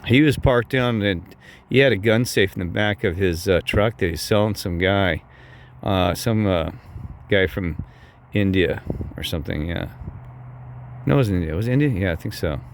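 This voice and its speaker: A man's voice: low-pitched, moderate pace, slight background noise. A man telling a rambling, heated story to his viewers. He curses often, keeps repeating "I said", and his voice jumps up when he quotes himself. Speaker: vlogger telling a personal story.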